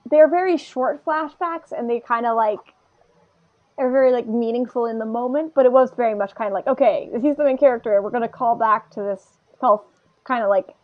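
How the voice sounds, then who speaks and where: A woman's voice: on the high side, highs cut off. A woman co-hosting a podcast, chatting casually and rambling as she recaps an anime episode, often laughing and mimicking characters. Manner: rambling and animated, laughs a lot, puts on voices to quote characters. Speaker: podcast co-host.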